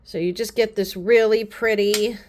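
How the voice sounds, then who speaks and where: A woman vlogger chatting casually to the camera, gushing and rambling with quick asides. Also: mid-range voice, steady tone, a little mellow, a little hiss or hum. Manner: chatty and gushing, repeats "pretty" often. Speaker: beauty vlogger. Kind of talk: casual haul chat to camera.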